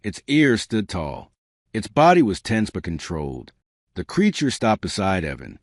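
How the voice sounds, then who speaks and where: Low-voiced male story narrator. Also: wildly swooping pitch, measured pace, no room sound, clean studio sound. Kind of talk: scripted narration.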